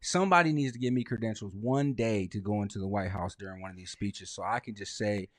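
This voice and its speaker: A man's voice: on the low side, fast. A man in casual conversation, talking animatedly and swearing freely, reading quotes aloud in put-on voices.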